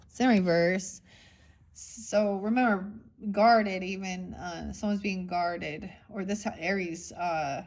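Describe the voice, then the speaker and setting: A woman giving a casual tarot reading to her viewers, blunt and mocking, with frequent swearing. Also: medium pitch. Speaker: tarot reader.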